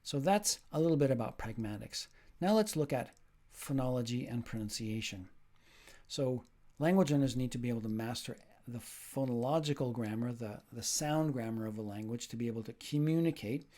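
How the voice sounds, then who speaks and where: A man's voice: mid-range voice, normal speed, dark tone. A man teaching a recorded lecture, explaining ideas step by step and putting questions to the listener. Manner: demonstrates sounds and rhythm drills.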